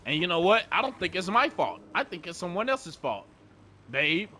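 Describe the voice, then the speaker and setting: A man's voice: high voice, very animated, normal speed, bright, forceful tone, slight background noise. Chatty young man commenting on gameplay. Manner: laid-back, chatty, swears a lot. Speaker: gaming streamer.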